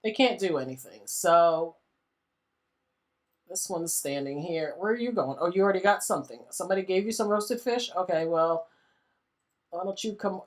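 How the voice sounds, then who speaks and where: A woman's voice: lowish voice, normal speed, long pauses. A woman hosting a gaming channel, giving casual let's-play commentary in a chatty, exasperated way and often laughing.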